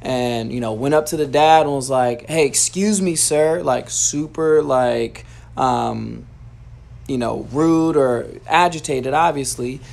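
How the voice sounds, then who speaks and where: A man's voice: medium pitch, slow, creaky, a little mellow. A young man giving a casual motivational talk about sales, loose and rambling, dropping "man" and "you know" into nearly every sentence. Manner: loose, filler-heavy, says "man" constantly.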